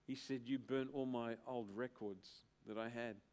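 A middle-aged man preaching a sermon as pastor, emphatic, with dramatic pauses and build-ups. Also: mid-range voice, fairly even intonation, darkish tone.

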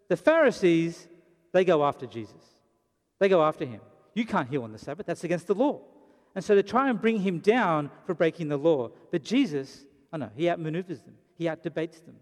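A man preaches a sermon with a dramatic storyteller's delivery and briefly acts out the voices of the people in the story. His voice sits a little high for a man. The sound carries the long reverb of a large hall. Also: a little mellow. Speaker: pastor.

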